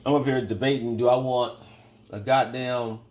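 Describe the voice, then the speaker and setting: A man's voice: mid-range voice, fairly even intonation, moderate pace, darkish tone. A man hosting a casual livestream who tells rambling, profane stories in a loose, offhand way. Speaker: livestream host and spiritual teacher.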